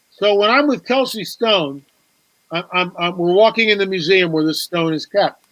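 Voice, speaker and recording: Animated high-voiced man telling a story. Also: normal speed, dry recording, poor audio. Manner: animated, repeats words, acts out quoted dialogue. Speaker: guest author. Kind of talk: storytelling on a talk show.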